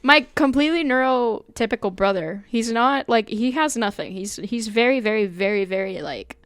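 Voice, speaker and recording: A woman with a fairly high, bouncy voice that swoops up and down, chatting excitedly on a podcast and laughing often. The sound is close and dry. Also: normal speed, clean tone, no room sound. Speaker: podcast co-host. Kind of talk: casual chat.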